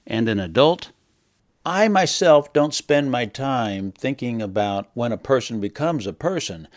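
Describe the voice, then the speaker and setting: A man's voice: fairly high pitch, no echo, studio quality. A man teaching a lesson for kids in a wry, conversational storytelling way. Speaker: language teacher. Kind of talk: children's lesson narration.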